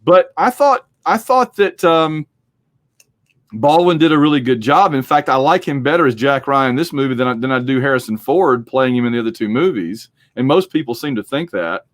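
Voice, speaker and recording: A man's voice: mid-range voice, expressive, moderate pace, no room sound. A man hosting a podcast, chatting casually and rambling through a movie discussion. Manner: rambling, chatty, acts out quotes. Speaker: podcast host.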